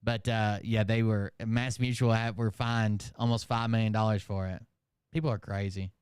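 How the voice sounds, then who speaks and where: A man's voice: on the low side, level tone, moderate pace, a little mellow, clear, resonant tone, no echo, clean studio sound. A man hosting a reaction channel, mocking and swearing as he comments on a clip. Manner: mocking, profane.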